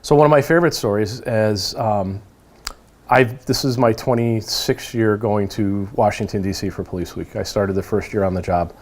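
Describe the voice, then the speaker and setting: A police officer in his forties from New England, telling stories in a casual interview and acting out the quoted lines with lively voices. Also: on the low side, moderate pace. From New England, United States. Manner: animated storyteller who acts out quoted lines.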